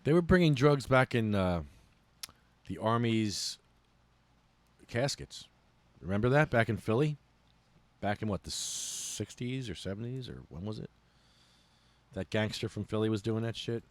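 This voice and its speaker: A man talks on a casual podcast, swearing and ranting with a lot of heat. His pitch swings up and down as he goes. The sound is dry and close, with no room echo. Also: a little slow, long pauses. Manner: profane, ranting, animated. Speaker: podcast host.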